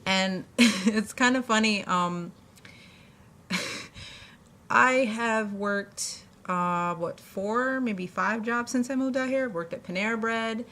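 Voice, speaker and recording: A woman's voice: fairly high pitch, slow, fairly bright tone. A young woman telling funny stories from her jobs, chatty, often laughing, with lots of fillers and restarts. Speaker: vlogger. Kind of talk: casual storytelling.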